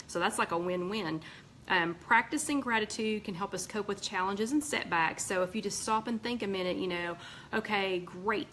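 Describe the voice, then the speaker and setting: A woman with a Southern American accent and a mid-range voice hosts a casual live chat for a weight-loss group, reading viewer comments. She sounds slightly tired and is chatty, with warm asides, frequent ums and restarts. The recording is rough, with a little hiss or hum.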